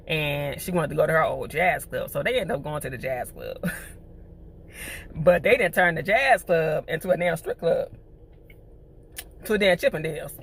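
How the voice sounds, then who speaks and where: A woman recapping a TV episode in a chatty, animated way, full of slang. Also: low-pitched, vocal fry, a little hiss or hum. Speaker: TV show reviewer.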